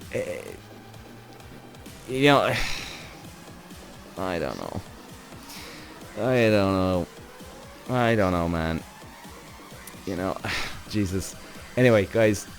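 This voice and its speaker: Male podcast host, mid pitch, loose, excitable and profane delivery, faint music underneath. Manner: animated, rambling, swearing, exclamatory. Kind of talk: casual commentary on a TV series.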